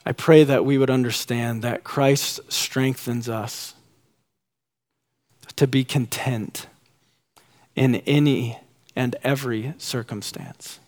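A pastor in his thirties preaches a sermon with animation. When he acts out quotes, his voice rises high and excited.

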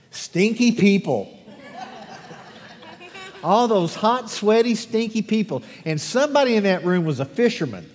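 A pastor reading scripture and then leading a lively children's sermon, questioning the congregation with animated energy. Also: male voice, high voice. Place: church sanctuary. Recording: long echo of a large church hall.

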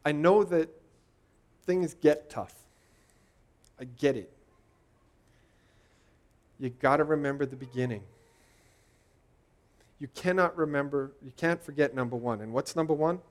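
A man's voice: a little high, unhurried, pauses often. A man in his forties preaching a sermon, talking conversationally and putting rhetorical questions to the congregation. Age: 40s.

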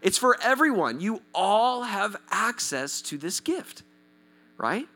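A man's voice: high-pitched, slow pace. A male pastor preaching in a casual, joking way, laughing often, restarting words, and talking straight to his audience. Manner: repeats and restarts words when excited. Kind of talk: conversational sermon.

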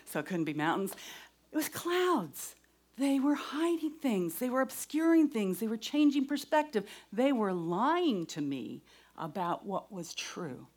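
A middle-aged woman giving a devotional talk and personal testimony, earnest, moving between raised voice and soft whispers. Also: medium pitch. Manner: earnest, shifts from loud to whispered.

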